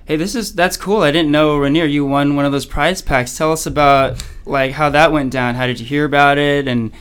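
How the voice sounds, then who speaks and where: A man and father co-hosts a casual podcast. His voice is smooth, resonant and slightly high. He chimes in upbeat and keeps the talk moving with follow-up questions. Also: steady tone, normal speed, fairly bright tone. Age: adult, father. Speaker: podcast co-host.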